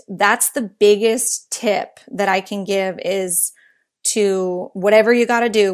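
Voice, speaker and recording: Woman guest author chatting about baby signs, lots of "like", lively stories, middle pitch. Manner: lively storyteller, chatty, says "like" often. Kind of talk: casual interview chat.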